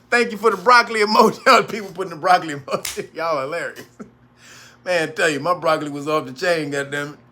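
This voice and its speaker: Bright-voiced, laughing, profane man. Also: on the high side, fast talker, a little hiss or hum. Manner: rambling, profane, laughs a lot. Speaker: host. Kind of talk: casual livestream monologue.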